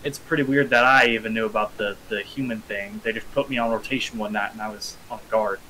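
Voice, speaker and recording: A man voicing a young, uneasy male ruffian recruit who talks in a halting, hesitant way. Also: lowish voice, steady tone, pushed and bright, a little hiss or hum, pitched below the performer's own voice, rough recording.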